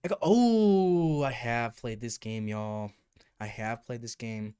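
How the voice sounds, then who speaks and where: A man hosting a casual livestream, chatting to viewers and answering their comments in an animated, talkative way with some mild swearing. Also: mid-range voice, slow pace, smooth. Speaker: livestream host. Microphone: desk streaming microphone.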